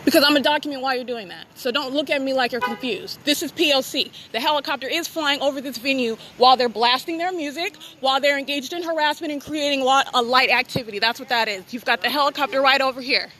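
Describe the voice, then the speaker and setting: A woman's voice: sits high, quick pace, hardly any pauses, bright, forceful tone, a little hiss or hum, poor audio. A woman narrating in real time as she films, insistent and repetitive, outdoors in a motel parking lot at night, recorded on a handheld phone. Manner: insistent, repetitive, clipped phrasing. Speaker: self-documenting videographer.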